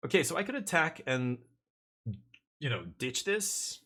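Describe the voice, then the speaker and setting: A man streaming a card game live, chatting excitedly and joking with his chat as he plays. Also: a little high, measured pace.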